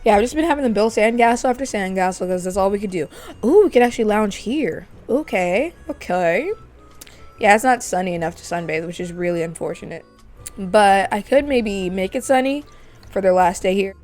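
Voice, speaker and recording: A woman talks through her life-sim game in a chatty let's play commentary. She keeps up a casual storytelling flow around her characters. Her voice sits at an ordinary middle pitch, with faint music under it. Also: lively intonation, a little fast, a little mellow. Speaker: gaming video host.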